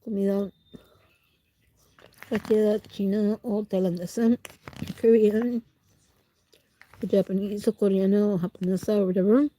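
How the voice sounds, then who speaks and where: A woman's voice: medium pitch, steady tone, moderate pace, long pauses, dark tone. A woman livestreamer with a stuffy nose, chatting casually with viewers while she eats and answering their comments. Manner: chats while eating, talking with food in her mouth.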